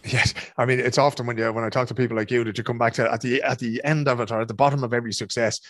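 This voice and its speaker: A man hosting an interview, chatty and colloquial with quick interjections. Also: medium pitch, flat delivery, dry recording, clean studio sound. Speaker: podcast host. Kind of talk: casual interview chat.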